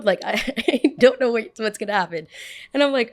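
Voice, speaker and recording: A young woman telling a workplace story in a casual, animated way, quoting herself often and speeding up in bursts. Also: fairly high pitch. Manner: animated retelling, full of "I was like" quotes, bursts of fast talk.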